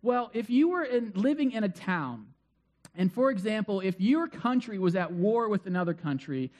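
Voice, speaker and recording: A middle-aged man delivers a sermon in a casual, talkative manner, his voice sitting notably high. He keeps things light with quick asides and plenty of fillers. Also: lively intonation, darkish tone. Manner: conversational, self-deprecating asides, many fillers. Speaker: pastor.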